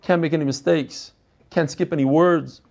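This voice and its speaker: A man teaching an online Talmud class over a video call, animated and quizzing his students. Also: a little high, moderate pace, creaky. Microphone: computer mic on a video call.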